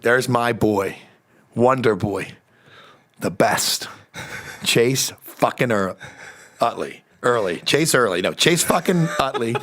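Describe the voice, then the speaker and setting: Telling a funny story during a laid-back podcast chat, a man with a medium voice speaks slowly and pauses often. He gets animated, curses freely, and performs the voices of the people in the tale.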